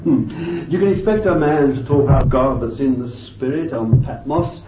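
A man preaching a sermon with fervent emphasis, moving between loud bursts and quiet asides, thinking aloud with restarts and "you see.". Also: medium pitch, moderate pace, distant mic, very noisy. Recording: dull, lo-fi, echoey and off-mic.

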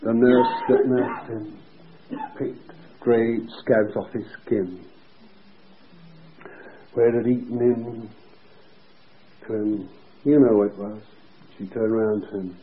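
A preacher telling a story in his sermon, acting out the voices and moving between hushed and loud delivery. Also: on the low side, fairly even intonation, takes it slowly, pauses often. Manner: vivid, acts out quoted voices, swings between hushed and shouting. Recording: lo-fi phone-like recording.

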